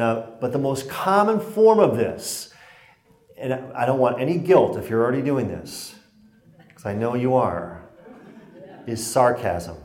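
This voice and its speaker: A man's voice: medium pitch, darkish tone. A man giving a workshop talk on stress in a conversational, joking way, acting out the exchanges he quotes. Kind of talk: lecture with anecdotes. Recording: roomy hall sound.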